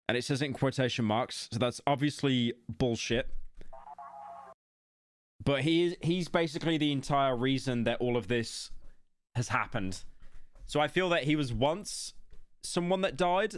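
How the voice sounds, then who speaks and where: A man's voice: medium pitch, dry recording. A man with a British accent live-streaming a horror game, joking and rambling defensively at chat. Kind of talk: casual live-stream commentary.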